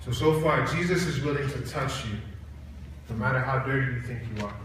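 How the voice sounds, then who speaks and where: A man's voice: medium pitch, brisk, noisy background. A man preaching a college chapel sermon, telling stories animatedly and acting out the voices in them. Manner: animated storytelling with acted-out voices. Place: large chapel hall. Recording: echoey hall, heard from a distance.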